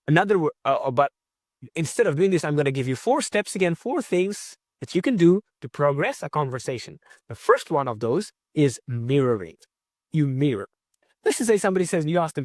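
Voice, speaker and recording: A man teaching communication skills with energy, repeating his key points and checking in with tag questions. His voice is a little high and moves around a lot. The recording is dry and close. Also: lively intonation, brisk, no room sound. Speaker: communication coach. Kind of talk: online course lecture.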